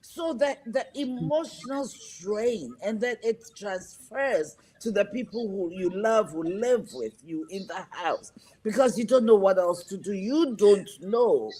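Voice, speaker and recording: A woman's voice: mid-range voice, animated, measured pace, dark tone, husky. A woman hosting a wellness talk show, speaking earnestly and empathetically and listing struggles one after another. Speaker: host.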